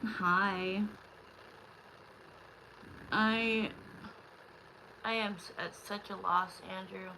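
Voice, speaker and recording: Bright-voiced woman, frustrated and close to tears. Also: mid-range voice, steady tone, extremely slow, vocal fry, long pauses, slight background noise, rough recording. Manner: rambling, talks straight to the chat. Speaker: tarot reader hosting a live stream. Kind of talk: casual live-stream chat with viewers.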